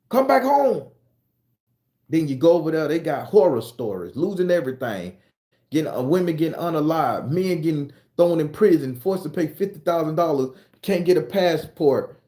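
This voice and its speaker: A man's voice: a little high, warm tone. A man from the United States ranting bluntly and profanely in a casual monologue, working himself up as he goes. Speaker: commentator.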